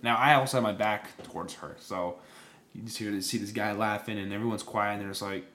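A man's voice: on the low side, fairly even intonation, brisk, fairly bright tone. A young man co-hosting a podcast, telling a story in loose casual chat, full of fillers and restarts. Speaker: podcast co-host.

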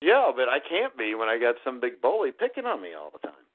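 Animated man, tinny dry phone line. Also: medium pitch, quick pace, no echo. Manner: mock self-pitying, rambling, teasing. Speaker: podcast co-host. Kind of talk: casual sports talk banter.

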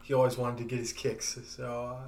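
A man's voice: medium pitch, completely flat delivery, normal speed, darkish tone, far from the mic. A man hosting a podcast, retelling a TV episode in a loose, profane way with many fillers. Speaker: podcast host. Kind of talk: casual chat.

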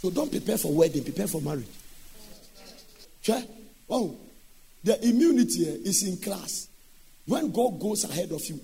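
Male preacher, animated sermon delivery, high voice. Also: gravelly, breathy edge. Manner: animated, switching between speech and sung shouting.

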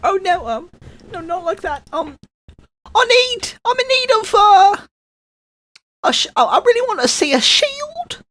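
A man's voice: very high-pitched, sing-song, unhurried, long pauses, pushed and bright, heavily acted. A man voicing a cheeky, hesitant young chimney sweep boy in an improvised comedy audio play.

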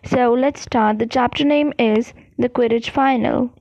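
A woman podcast host reading a novel aloud chapter by chapter, in a plain, steady way with small slips. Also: a little high, a little slow, vocal fry, no echo, muffled recording. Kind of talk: audiobook read-aloud narration.

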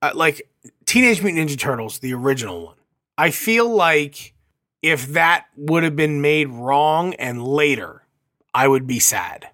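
A male podcast co-host with a bright, fairly high voice, speaking earnestly and stumbling into repeats as he makes his point. The sound is dry and close. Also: expressive, unhurried, no echo. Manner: earnest, hesitant, repeats himself. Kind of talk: casual chat.

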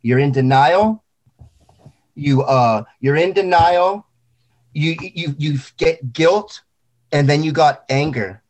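A man's voice: on the high side, slow, long pauses, a little mellow. A man talking casually about grief, intense and rambling, swearing often. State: grieving. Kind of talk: emotional casual talk.

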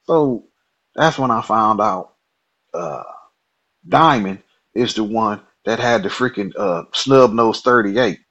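Husky-voiced man telling a story. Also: on the low side, slow pace, lo-fi sound. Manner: lively, colloquial storyteller. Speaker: guest.

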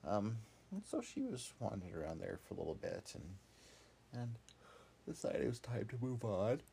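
A man's voice: lowish voice, sing-song, normal speed, gravelly, dark tone, a little hiss or hum. A man telling an improvised children's story in a meandering, casual way, with many asides and fillers.

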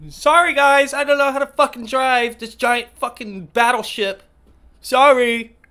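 A man putting on a high, whiny voice to mock a clumsy, apologetic male driver. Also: fairly even intonation, a little slow, bright, forceful tone, clean tone, heavily acted. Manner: high-pitched, whiny, sarcastic mockery.

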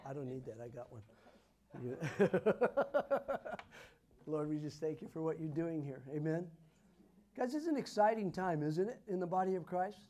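A man prays and speaks prophetic words over people as a prophet, his fervent style climbing into loud, emphatic declarations. His voice sits on the high side and moves briskly.

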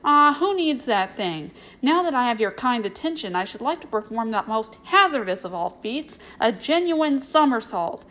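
A woman's voice: on the high side, very animated, quick pace, few pauses, a little mellow. A woman voicing a cocky, boastful teenage boy acrobat in a storybook reading. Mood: sneering. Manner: sneering, boastful.

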